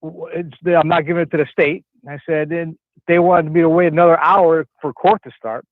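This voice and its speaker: A man's voice: fairly high pitch, fairly even intonation, brisk, dry recording. A man from Connecticut calling in to a talk show, telling a story in a rambling way with many restarts. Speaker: caller. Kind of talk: casual phone-in chat. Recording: tinny phone line.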